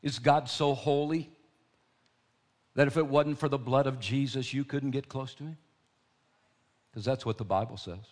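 A man preaching from the pulpit with dramatic swings between quiet intensity and loud emphasis. He drives his points home through repetition, building and falling in waves. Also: medium pitch, fairly even intonation, moderate pace, long pauses. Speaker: pastor. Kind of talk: sermon.

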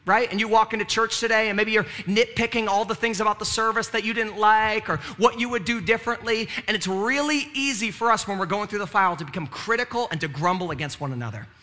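A man's voice: sits high, fast talker, hardly any pauses, sharp tone. A male pastor preaching a sermon in a conversational way, with frequent "right?" asides and moments of rising fervor.

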